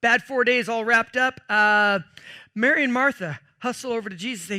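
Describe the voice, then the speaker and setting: A man preaching a sermon as pastor, telling stories in a jokey, animated way with sudden loud bursts. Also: very high voice, normal speed.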